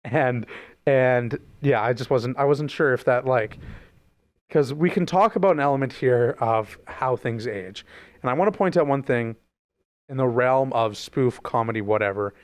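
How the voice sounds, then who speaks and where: A man's voice: medium pitch, moderate pace. A young man co-hosting a podcast in casual chat, rambling and teasing his co-host.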